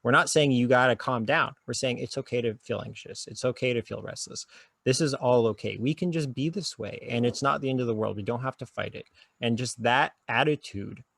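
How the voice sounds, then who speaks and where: A man, a therapist guest on a podcast, talking slowly and soothingly as he guides a listener through a calming exercise. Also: medium pitch, vocal fry, dry recording. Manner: slow soothing guided instructions. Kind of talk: calm guiding conversation.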